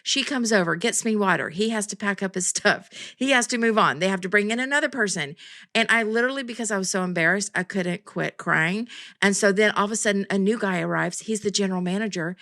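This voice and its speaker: A woman's voice: medium pitch, sharp tone. A woman hosting a podcast, telling a story in a chatty, self-deprecating way with bursts of laughter. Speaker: podcast host.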